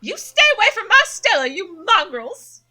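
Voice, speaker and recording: A woman voicing an enraged female dog in a game, shouting shrilly. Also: very high voice, big pitch swings, moderate pace, pitched above the performer's own voice, heavily acted.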